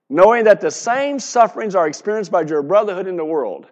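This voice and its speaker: A man's voice: high voice, lively intonation, brisk, few pauses, dull audio. A man in his seventies preaching a sermon in an earnest, conversational way, asking the congregation questions.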